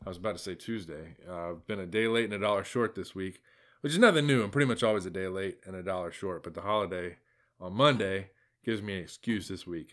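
Sarcastic guy rambling on his podcast, voice bouncing all over, lots of um and you know. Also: fairly low pitch. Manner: sardonic, meandering, full of fillers and asides. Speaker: podcast host. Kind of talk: casual rambling monologue.

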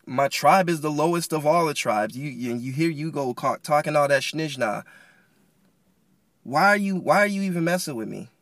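A man voicing an exasperated, defensive biblical hero who talks back in a loud, raised, slangy voice. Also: normal speed, no room sound, clean studio sound, close to an everyday voice. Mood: indignant. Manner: indignant, slangy, loud and high.

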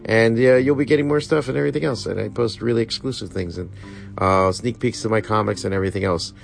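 A man's voice: fairly low pitch, fast, vocal fry. A man hosting a casual podcast from a comic shop, telling rowdy stories full of swearing and acted-out voices, then wrapping up with plugs. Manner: animated storyteller, swearing freely and acting out voices. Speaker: podcast host. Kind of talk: casual chat.

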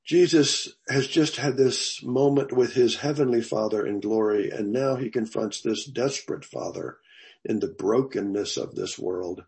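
An older man teaching a Bible class in a thoughtful, conversational way, pausing and restarting as he goes. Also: medium pitch, creaky, darkish tone.

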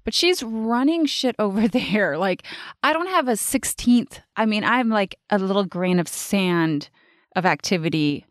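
A woman's voice: mid-range voice, lively intonation, unhurried, no echo, studio quality. Blunt, profane woman podcast host. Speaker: podcast host and life coach. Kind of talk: casual solo podcast monologue.

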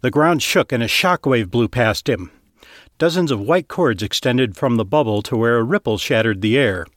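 A man reading scripted fiction narration in a steady, even storytelling manner, close to the mic. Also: medium pitch, moderate pace, no room sound.

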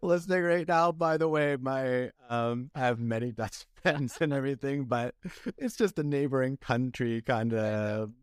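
A man's voice: medium pitch, moderate pace, smooth, no echo. Young guy hosting a chill podcast, mid voice, dry sound, asks lots of questions. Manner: relaxed and conversational, asks questions. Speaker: podcast host. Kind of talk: casual podcast chat.

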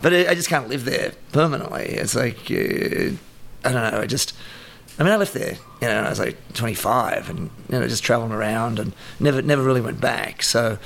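A man's voice: medium pitch, fairly quick, creaky, fairly bright tone, slight background noise. Australian man in his fifties, rambling. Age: 50s. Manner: rambling, lots of fillers and acted asides. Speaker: guest. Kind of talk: casual interview chat. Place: New York.

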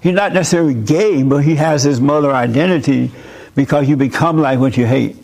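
A man's voice: medium pitch, fairly quick, vocal fry, a little mellow. A man preaching a sermon to a gathered audience. He talks bluntly and with emphasis, as the host of his own call-in show. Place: room with a live audience.

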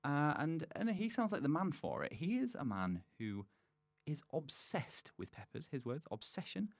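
A man's voice: a little high, very animated, moderate pace, creaky, no room sound. A man hosting a podcast in a playful, chatty way, often laughing. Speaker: podcast host. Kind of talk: casual chat.

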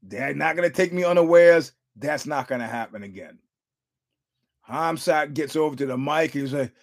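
A man's voice: on the high side, moderate pace, gravelly. Storytelling man with a raised voice. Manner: storytelling, profane, acts out quotes; repeats words and restarts, chuckles often. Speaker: podcast host. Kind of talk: casual fight commentary.

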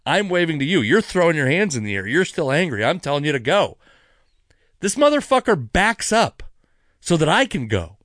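A man hosting a podcast, telling a rambling story in a casual, animated way, cursing freely, with many asides, while sipping wine. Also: a little high, moderate pace, dry recording, clean studio sound. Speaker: podcast host.

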